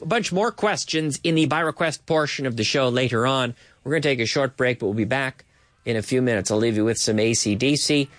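Male radio host teaching English, mid-pitched, patient, explains words slowly, dry studio mic. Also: expressive, a bit bright, no echo. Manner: explains words slowly, switching to Spanish glosses. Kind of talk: casual English lesson radio show.

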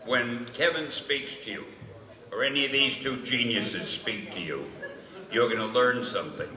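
A man's voice: mid-range voice, moderate pace. An older man talking at a panel in a playful, self-mocking way. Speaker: panel guest. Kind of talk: joking panel talk. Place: large convention hall with audience. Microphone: stage mic at a distance. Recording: echoey hall from far off, dull sound, loud crowd.

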